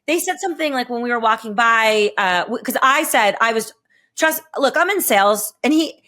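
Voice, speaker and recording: A woman's voice: on the high side, moderate pace. A woman in her thirties telling a long story on a podcast, chatty and profane, acting out what people said. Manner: animated, profane, acts out quotes in raised voice. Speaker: podcast host. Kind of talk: storytelling casual chat.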